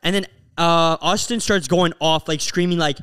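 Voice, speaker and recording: A man's voice: on the high side, normal speed, clear, resonant tone. A young man, a podcast co-host, telling a story in casual chat and acting out what people said. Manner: animated, acts out quotes while telling a story.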